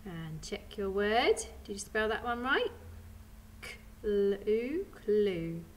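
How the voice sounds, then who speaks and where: A British woman leads a phonics lesson for young children at home. She speaks very slowly and patiently, sounding out each word letter by letter in a mid-pitched voice. A faint background hiss sits under her voice. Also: lively intonation. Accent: British English. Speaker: primary school teacher.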